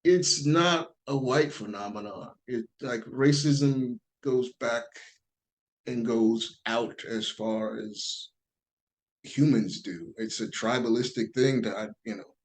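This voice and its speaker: A man talking casually as a podcast guest, telling a story in an animated way and acting out the voices of people he quotes. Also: mid-range voice, slow pace, low-quality recording.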